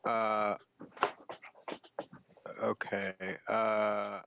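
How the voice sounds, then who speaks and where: A man playing a tabletop game who speaks casually and hesitantly, often pausing on fillers. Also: on the low side, completely flat delivery, vocal fry, noisy background. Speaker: player.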